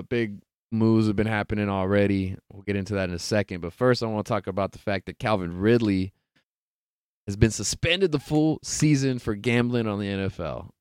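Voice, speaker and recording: A young man hosts a casual sports podcast, talking in a loose, rambling way. His voice sits low and sounds smooth and clear, close to the mic in a dry space with no room echo. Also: a little mellow. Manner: laid-back, rambling, heavy swearing and laughter. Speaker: podcast host.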